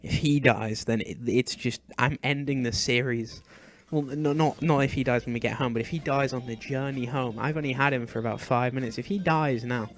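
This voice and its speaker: A young man hosting a gaming video, chatting casually as he plays and fussing anxiously, with sudden high shrieks of alarm. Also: moderate pace, few pauses. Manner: chatty, fretful and doting, often bursting into high shrieks. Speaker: gaming channel host. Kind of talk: Minecraft let's play commentary.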